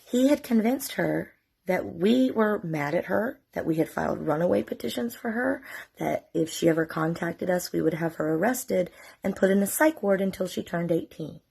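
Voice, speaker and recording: A middle-aged woman tells her own story straight to camera. Her voice sits low, with a gravelly fry and a husky, raspy texture. She talks candidly and with emotion, swearing freely. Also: expressive, normal speed, a little mellow. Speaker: mother telling her story.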